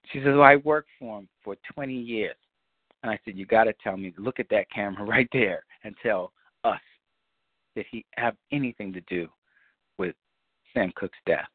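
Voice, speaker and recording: A man on a community call, telling a long story in a loose, profane way and acting out scenes with high-pitched quotes. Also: moderate pace, no echo. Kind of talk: animated storytelling chat. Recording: dry, phone-like line.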